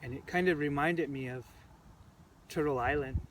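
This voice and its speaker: A man tells his own story in an earnest, halting way, circling back over phrases as he goes. His voice sits a little high for a man and is picked up from a distance, with faint noise underneath. He sounds moved and close to choking up. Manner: earnest, halting, repeats phrases while recounting. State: emotional, choked up. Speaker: protester recounting events. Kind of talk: personal storytelling to camera.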